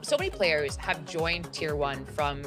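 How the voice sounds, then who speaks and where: A woman's voice: deep voice, big pitch swings, measured pace, over music. A woman hosting a live esports desk show in a bubbly, chatty way. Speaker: host.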